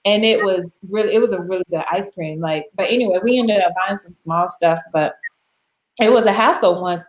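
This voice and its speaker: An American woman telling travel stories in a casual chat as a guest, animated and laughing often. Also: mid-range voice, fairly quick. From United States. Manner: animated, laughs often, acts out quoted voices. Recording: roomy echo.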